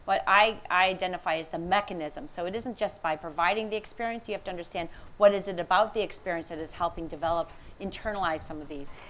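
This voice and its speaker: A woman's voice: fairly low pitch, fast talker, hardly any pauses, slight background noise, low-quality recording. Woman giving an anecdotal conference talk. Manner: warm anecdotal, laughs often, quoting others. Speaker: speaker, researcher on empathy. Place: conference room.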